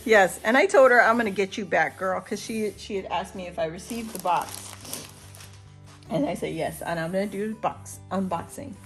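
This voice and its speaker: A middle-aged woman vlogger chatting casually and excitedly as she unboxes a birthday gift, gasping and laughing. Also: medium pitch, normal speed, faint music behind. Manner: excited and giddy, many gasps and laughs. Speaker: crafting vlogger.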